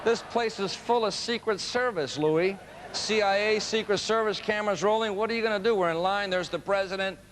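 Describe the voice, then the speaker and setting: A woman's voice: mid-range voice, a little fast, a little hiss or hum, natural voice, rough recording. A man speaking as his anxious wife, who keeps pressing him with the same question. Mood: anxious nagging. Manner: insistent, repeating herself. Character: anxious wife nagging her husband in a receiving line.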